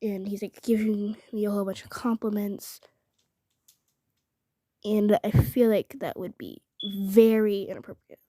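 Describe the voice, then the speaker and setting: A woman's voice: medium pitch, a little slow, dark tone, no room sound. A young woman telling a story to the camera, indignant and rambling, often dropping to a whisper. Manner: rambling, many filler "like"s. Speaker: vlogger. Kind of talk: casual storytelling.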